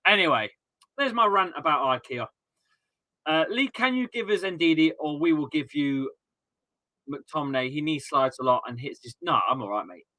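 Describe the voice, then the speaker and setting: A man's voice: a little high, expressive, moderate pace, bright, forceful tone, dry recording. A man in his thirties chatting casually and ranting with swearing on a live football watchalong stream.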